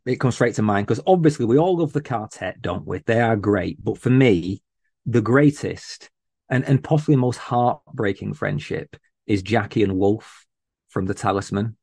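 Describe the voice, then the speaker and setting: A man's voice: fairly low pitch, normal speed, gravelly, a little mellow, breathy edge, dry recording. A man, a guest on a podcast, chatting casually and talking with earnest passion about a favorite book character. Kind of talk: casual chat.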